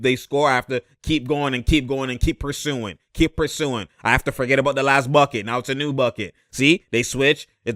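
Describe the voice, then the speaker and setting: Young male sports commentator, animated and slangy; bright, punchy tone, dry close recording. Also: mid-range voice, no room sound. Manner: animated, laughs often, slangy, mimics players. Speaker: sports commentator reacting to game footage. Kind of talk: excited play-by-play reaction commentary.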